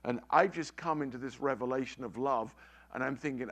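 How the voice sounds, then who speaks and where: Middle-aged male preacher, average pitch; emphatic, repetitive storytelling delivery in a sermon. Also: brisk, fairly bright tone. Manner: emphatic, repeats phrases for effect.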